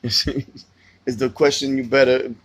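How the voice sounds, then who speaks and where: A man hosting a laid-back livestream, talking in a loose, rambling way and swearing freely as he answers his chat. His pitch sits in an ordinary middle range. The sound is dry and close, with no room echo. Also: flat delivery, takes it slowly. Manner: loose, profane, rambling storytelling. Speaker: livestream host reading chat.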